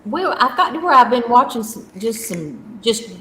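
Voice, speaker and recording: Southern lady with a slow drawl, chatting on a live panel, lively pitch, roomy echo. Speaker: panel guest, realtor and notary. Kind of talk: casual chat. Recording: echoey room with faint noise.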